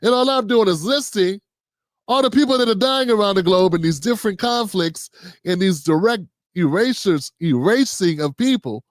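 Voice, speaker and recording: A man's voice: high-pitched, expressive, moderate pace, no echo, clean studio sound. A man hosting a livestream of political commentary, reading out notes and reacting with heated sarcasm. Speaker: livestream host.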